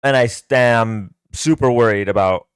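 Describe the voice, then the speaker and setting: A man's voice: medium pitch, moderate pace, smooth, no room sound, clean studio sound. A man hosting a livestream, telling a long casual story in a rambling way with many fillers and restarts. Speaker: livestream host.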